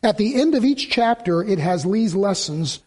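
At a normal speed, a middle-aged pastor whose voice runs notably high delivers his sermon. Animated as he tells stories, he voices the people he quotes and emphasizes points by repeating them.

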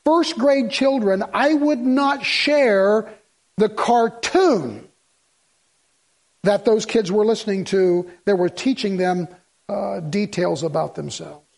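A man's voice: high-pitched, takes it slowly, creaky. A middle-aged man preaching a sermon in a folksy, emphatic way, firing rhetorical questions at his congregation. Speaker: pastor.

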